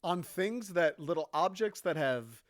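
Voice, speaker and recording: A man's voice: a little high, animated, measured pace, dry recording. Sarcastic man ranting in a dry room. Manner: sarcastic, ranting, swearing freely. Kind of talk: stand-up style rant.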